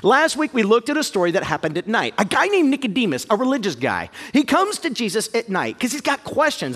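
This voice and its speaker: Male pastor, 30s, self-mocking storyteller; high, bright voice with wide swings, recorded in a reverberant hall. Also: a little fast, few pauses. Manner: animated, self-mocking, jumps to high yelps when acting out fear. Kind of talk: storytelling sermon. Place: church auditorium.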